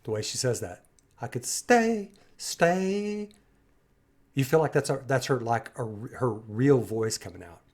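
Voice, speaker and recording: Man, husky voice, music reaction host, eager and admiring, rambling commentary. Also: medium pitch, fairly quick, few pauses, darkish tone. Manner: enthusiastic, admiring, rambling with restarts.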